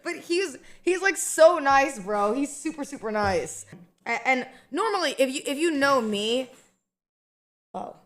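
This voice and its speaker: A woman's voice: a little high, a bit bright. A woman streamer in casual chat, rambling and chatty with lots of fillers and restarts.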